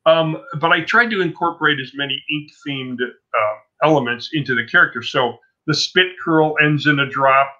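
A man in his sixties talks through his career as an interview guest, his voice cutting and bright. He rambles, doubles back and restarts his sentences as the anecdotes pile up. The recording is muffled and lo-fi. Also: on the high side, normal speed, hardly any pauses. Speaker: comic book artist guest. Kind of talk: casual interview storytelling. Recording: dull lo-fi sound.

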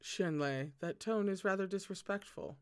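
A man voicing a calm, coolly mocking male god-emperor villain while reading a novel aloud. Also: high voice, normal speed, clear, resonant tone, no echo, studio quality, natural voice.

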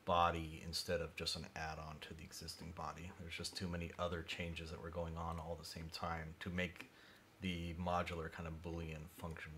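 Male streamer, very low voice, muttering narration at the desk, faint room noise behind. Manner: mumbly, drifts quiet when concentrating. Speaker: livestreaming maker doing CAD design. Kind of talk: thinking-aloud livestream narration.

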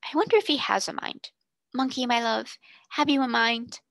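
A woman voicing a kind, gentle young girl who speaks softly and earnestly, often near a whisper. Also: fairly high pitch, normal speed, vocal fry, no echo, voice pushed up. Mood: tender.

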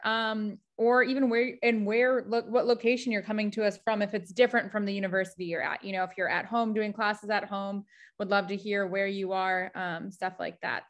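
A young woman from Wisconsin giving a casual online presentation over a video call, chatty and friendly with plenty of ums. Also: mid-range voice. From Wisconsin, USA. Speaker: guest presenter.

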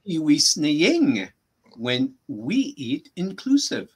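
Slow, husky-voiced male teacher. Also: a little high, huge pitch swings. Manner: patient, repeats phrases slowly. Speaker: language teacher. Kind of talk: casual teaching chat.

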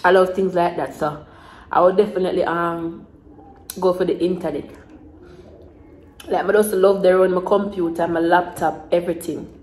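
A woman's voice: lowish voice, steady tone, normal speed, pauses often, darkish tone, reverberant, low-quality recording. Rambling Jamaican woman in her twenties. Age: 20s. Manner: rambling and repetitive, in Jamaican Creole phrasing. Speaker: vlogger. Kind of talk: casual mukbang chat to camera.

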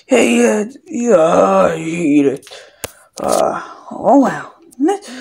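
Slow, gravelly woman doing cartoon voices. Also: slight background noise. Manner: excitable, broken phrasing, swings between squeaky highs and gruff lows. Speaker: fan animator voicing all characters. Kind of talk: homemade cartoon voice acting.

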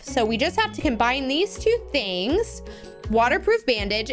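A young woman hosting a gaming video, giving bubbly, gushing commentary as she plays and talking sweetly to the animals on screen. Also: sits high. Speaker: gaming channel host. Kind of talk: playing a video game with live commentary. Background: background music.

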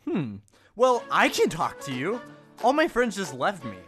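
A man's voice: high-pitched, wildly swooping pitch, unhurried. A young man acting out a Minecraft comedy skit in a whiny, exaggerated way. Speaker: YouTuber. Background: background music.

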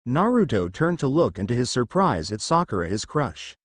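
A man reading a fan fiction story aloud as narrator, with an even storytelling delivery. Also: mid-range voice, normal speed, breathy edge, no echo.

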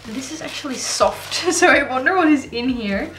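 A woman vlogger chatting casually to camera as she opens fan mail, gushing and excitable. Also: high-pitched, normal speed, soft background music. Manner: gushing, excitable, gasps and laughs often. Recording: echoey room with faint noise.

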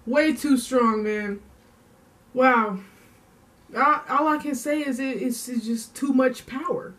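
A woman talking to her viewers in a casual vlog, slow and rambling with many fillers, emotional as she goes. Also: high-pitched, animated, fairly bright tone, distant mic. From San Diego. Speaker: vlogger. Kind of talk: casual vlog talk to camera.

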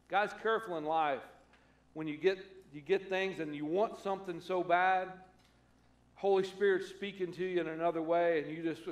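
A man's voice: high voice, expressive, moderate pace, reverberant. A man preaching a conversational sermon as pastor, acting out the voices he quotes. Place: church sanctuary.

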